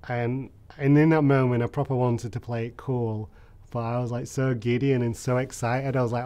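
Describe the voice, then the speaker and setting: A man tells his own story in an interview. His voice sits at a middle pitch, and he speaks candidly and reflectively, often pausing on soft fillers. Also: flat delivery. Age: 30s.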